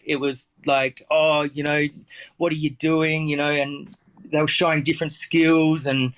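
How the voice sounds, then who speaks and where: Speaking in a fairly high, slightly bright voice, an Australian-accented man who works as a chef shares stories during a relaxed interview. He rambles, often restarting and leaning on fillers.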